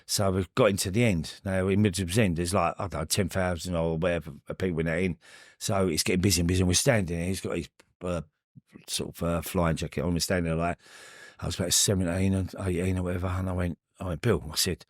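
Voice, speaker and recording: Podcast guest: middle-aged Cockney man, low-pitched, rambling and halting. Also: fairly even intonation, no room sound, studio quality. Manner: rambling, halting, with many restarts. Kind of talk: storytelling in casual interview.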